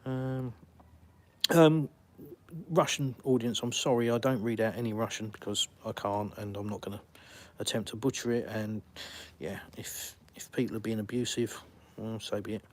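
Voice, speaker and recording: A man with a steady, rather low voice talks at normal speed. He's a UK host with an English accent, live-streaming outside in a village and answering chat in a blunt, dryly sarcastic way.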